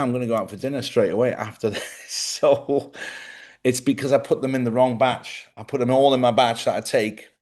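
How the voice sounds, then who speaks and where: A man hosting his own live show, talking casually and jokily, rambling from one topic to the next and sounding sleepy. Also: fairly low pitch. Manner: jokey, chatty, wanders off topic. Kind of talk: rambling casual livestream chat. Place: small studio.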